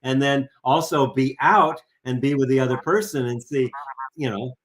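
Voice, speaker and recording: A man's voice: mid-range voice, fairly even intonation, normal speed. A man in casual conversation, speaking reflectively with frequent restarts. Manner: reflective, searching, many restarts.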